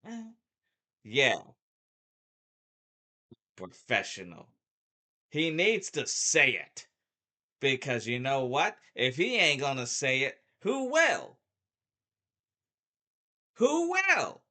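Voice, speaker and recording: A man's voice: mid-range voice, huge pitch swings, very slow, pauses often, sharp tone. A middle-aged man giving a heated, repetitive opinion rant as a sports vlogger, stumbling and restarting as he talks.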